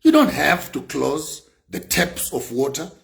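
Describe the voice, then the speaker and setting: A man's voice: a little high, very animated, unhurried, vocal fry, fairly bright tone. A man giving an impassioned speech, repeating his points with emphasis and rising to raised bursts. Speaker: speaker on sanctions.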